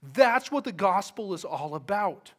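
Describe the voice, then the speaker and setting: A man preaching a sermon in church, swinging from soft, quiet lines to loud, emphatic ones, with conversational asides and questions to the congregation. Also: high-pitched, very animated, unhurried. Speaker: pastor.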